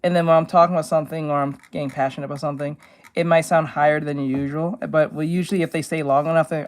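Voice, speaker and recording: High-voiced man chatting on stream. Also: fairly even intonation, fast talker. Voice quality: naturally high-pitched voice. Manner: loose and chatty, swears freely, many fillers. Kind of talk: casual live-stream chat.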